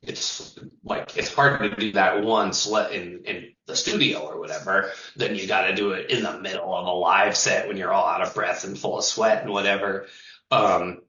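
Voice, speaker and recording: A man who fronts a metal band talks over a video call in a loose, rambling way. He swears easily and laughs between thoughts. His voice sits a little low but sounds bright, and it reaches the mic from a distance in a roomy, dull-sounding space. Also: steady tone, normal speed. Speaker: singer of a touring metal band, interview guest. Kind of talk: casual interview chat.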